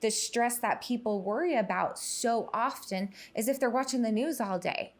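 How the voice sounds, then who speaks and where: A woman podcast guest talking about youth mental health in an earnest, emphatic way, in casual conversation. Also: a little high. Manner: earnest, emphatic, quick to explain.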